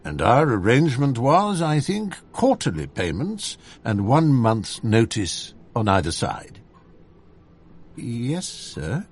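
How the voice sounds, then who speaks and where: A man's voice: mid-range voice, wildly swooping pitch, slow pace, breathy edge, exaggerated voice. Casual: guy voicing a grumpy stuffy employer, snapping at his clerk, tone jumps around a lot. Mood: stern. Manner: curt, scolding, pompous. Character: stern irritable older male employer.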